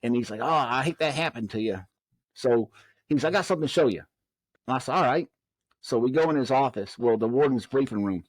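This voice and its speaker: Animated man telling a war story. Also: mid-range voice, brisk, no room sound. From Southern United States. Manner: animated storyteller, acts out quoted dialogue. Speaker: guest, former prison officer. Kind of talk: storytelling in a podcast interview.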